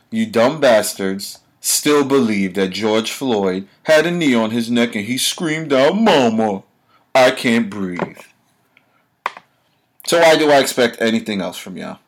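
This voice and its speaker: A man with a mid-range voice rants alone into his podcast mic. He is blunt and confrontational, swears freely and fires rhetorical questions at the people listening. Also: medium pitch. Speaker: podcast host. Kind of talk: solo opinion rant.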